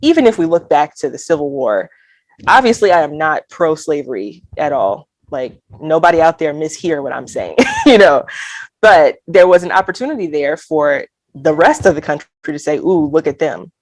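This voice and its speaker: A woman's voice: low voice, big pitch swings, normal speed, no room sound. Earnest woman guest, dry close sound. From Alabama, US. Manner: candid and earnest, with light laughs and acted-out quoted thoughts. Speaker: guest poet. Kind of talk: reflective conversational interview.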